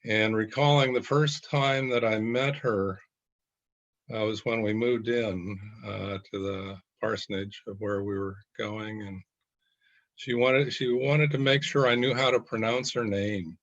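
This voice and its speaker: A man who is a pastor, talking slowly and haltingly with many fillers in a reflective group discussion. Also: on the low side, steady tone, a bit bright, lo-fi sound.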